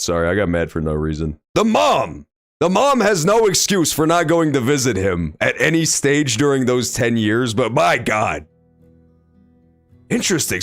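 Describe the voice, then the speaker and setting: A young man streaming a game, reacting loudly and swearing often in casual commentary. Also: mid-range voice, dry recording. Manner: animated, reactive, swears often, loud outbursts. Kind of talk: let's play commentary.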